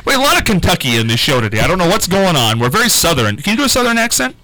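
A man hosting a local morning radio show in a studio, chatting casually with co-hosts and callers, animated and self-deprecating with many restarts. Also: sits high, very fast, rough recording. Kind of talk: casual on-air banter and call-in. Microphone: studio microphone.

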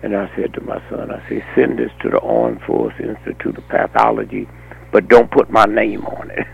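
An older man telling a long anecdotal story in an animated way, often breaking off with a rhetorical "huh?". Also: fairly low pitch, moderate pace, gravelly, slightly rough, narrow, tinny audio. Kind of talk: anecdotal monologue.

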